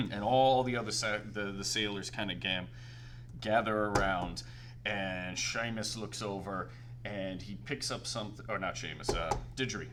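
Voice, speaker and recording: A man's voice: lowish voice, unhurried, noisy background. A man narrating a tabletop game as game master, laughing often and belting out other voices. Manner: animated, laughing, belts out voices.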